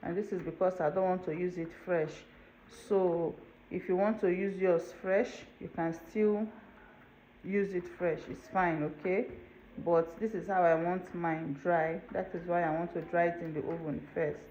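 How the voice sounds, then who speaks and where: A cooking channel host explains her recipe step by step in a chatty manner, checking in with viewers from her home kitchen. Her fairly low, dark voice keeps a steady tone and measured pace, and the lo-fi home video sounds dull with faint room noise.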